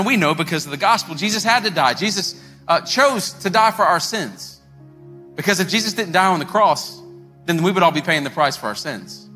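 His voice high, pushed and bright, a pastor in his thirties tells a story to his congregation during a sermon, speaking to them directly and conversationally. The church sanctuary lends a long hall reverb, and faint music can be heard.

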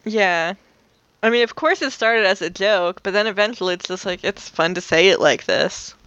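A woman's voice: medium pitch, lively intonation, moderate pace, a bit bright, clean tone, no room sound, dull audio. A woman co-hosting a podcast, recapping a teen drama in loose, swearing chat full of fillers and laughter. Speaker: podcast co-host.

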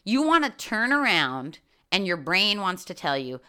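A woman's voice: mid-range voice, very animated, measured pace, sharp tone, smooth. A woman vlogger talking candidly about a road trip and anxiety, swearing freely and getting fired up.

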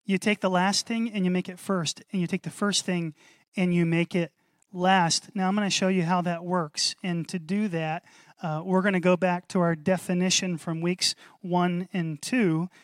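A man preaching a sermon to a congregation, animated, repeating key phrases and calling for responses. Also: sits high, normal speed, no echo, clean studio sound. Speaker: pastor.

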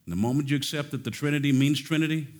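A man's voice: a little high, racing. Emphatic preaching man, rising and falling. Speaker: conference speaker. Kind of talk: sermon. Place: conference stage.

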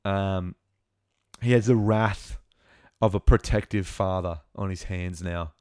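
Young man, low-pitched voice, dry close sound, excited rambling recap, lots of ums. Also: takes it slowly, clean tone, no echo. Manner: excitable, rambling, many fillers and restarts. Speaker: show reviewer. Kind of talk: casual episode recap.

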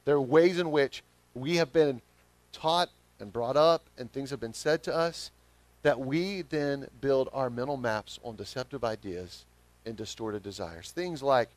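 A man with a Southern accent preaching a sermon as pastor, swinging from quiet reflection to emphatic, rising calls. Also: mid-range voice, expressive, normal speed, no room sound. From Southern United States.

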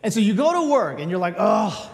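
A man's voice: high-pitched, big pitch swings, fast talker, darkish tone, big-room sound. A man delivering a sermon in a conversational way, speaking directly to his congregation. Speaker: pastor.

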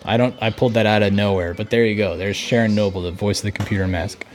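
Halting, chatty male podcast host. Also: on the low side, steady tone, a little hiss or hum. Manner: hesitant, many fillers. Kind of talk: casual chat.

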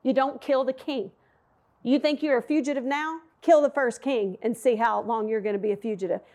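A woman playing a defiant young king, fiery and emphatic, in a retold Bible story. He is high-voiced and talks in bold, punchy bursts. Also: brisk, lightly acted. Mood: exasperated. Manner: emphatic, lively retelling.

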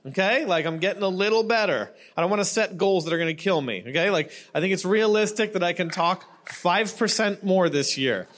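Speaking briskly with few pauses, this middle-aged pastor has a high, expressive, fairly bright voice. He's not Australian, and his sermon is relaxed and jokey, full of "right?" and "you know" as he keeps checking in with his congregation.

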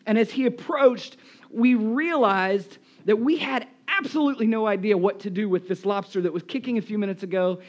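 High-voiced pastor, hoarse, telling stories. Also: male voice, normal speed, muffled recording. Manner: animated, self-deprecating storyteller. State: losing his voice. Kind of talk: live sermon with storytelling. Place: church, in front of a congregation. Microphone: live microphone.

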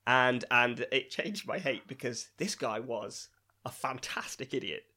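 An English man co-hosting a comedy podcast, telling a story with animated delivery and frequent laughs. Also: mid-range voice, unhurried. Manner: animated, laughs often, voices people he describes. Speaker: podcast co-host.

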